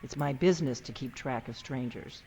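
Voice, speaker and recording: A woman's voice: extremely low pitch, normal speed, a little mellow, soft background music. A woman playing a guarded, secretive innkeeper in a video game, blunt and suspicious in her questions, on dull muffled game audio.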